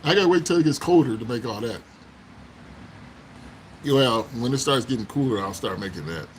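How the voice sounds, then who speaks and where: A man's voice: mid-range voice, animated, normal speed, a little hiss or hum, low-quality recording. A man hosting a casual livestream, chatting with viewers, laughing often and exclaiming as he talks. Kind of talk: casual live chat. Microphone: phone.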